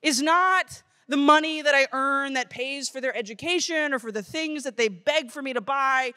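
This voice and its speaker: A woman in her thirties giving a lively, playful talk to teenagers at a youth conference. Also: high-pitched, normal speed. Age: 30s. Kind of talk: motivational talk to teens. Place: conference stage before a crowd.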